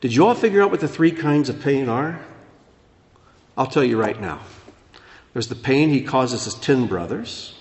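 A man preaching a sermon as pastor, dropping low and soft, then rising loud and animated. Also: normal speed, long pauses. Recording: echoey hall.

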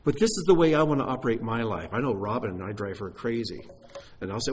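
A man's voice: medium pitch, animated, quick pace, breathy edge. A man preaching a sermon, emphatic, often repeating key phrases and putting questions to his listeners.

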